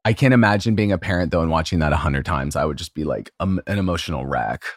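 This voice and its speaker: A man with a notably deep, low voice, co-hosting a relaxed podcast chat. He tells stories in an emotional, gushing way, stacking up "like" and other fillers. The sound is dry and close, with almost no room around it. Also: fast talker, dry recording. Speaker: podcast co-host. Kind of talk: casual chat.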